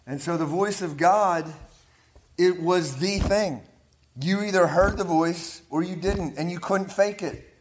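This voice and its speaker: Pittsburgh preacher with a raised voice. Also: male voice, high voice, a little slow, slight background noise. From Pittsburgh area, Pennsylvania. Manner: energetic, repeats words, checks in with "right?" and "amen?". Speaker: guest preacher. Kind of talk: charismatic preaching to a leadership group. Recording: echoey room with audience responses. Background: audience responses.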